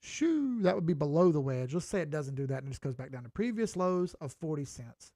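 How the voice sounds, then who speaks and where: A folksy middle-aged man with a Southern drawl talks loosely through price charts, swearing now and then. His voice sits a little high and has a gravelly, fry-laden edge. The sound is close and dry, with no room echo. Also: very animated, fairly quick, dark tone. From Southern United States. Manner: folksy, chatty, mild swearing. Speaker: crypto chart analyst. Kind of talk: casual market commentary.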